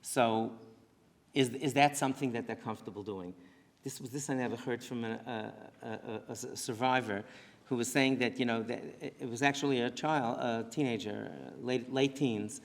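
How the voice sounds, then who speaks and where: Rabbi lecturing to a congregation, earnest and self-correcting, mid-pitched man, long hall echo. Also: steady tone, normal speed, gravelly. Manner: earnest, talks in restarts and asides. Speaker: rabbi giving a presentation. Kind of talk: lecture to parents. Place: synagogue hall.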